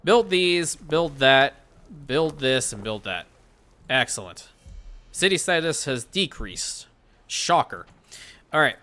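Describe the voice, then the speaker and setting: A man's voice: on the high side, lively intonation, slow pace, long pauses, pushed and bright, soft background music. A man hosting casual gameplay commentary, chatting and thinking aloud as he plays, often correcting himself mid-sentence. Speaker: gaming channel host.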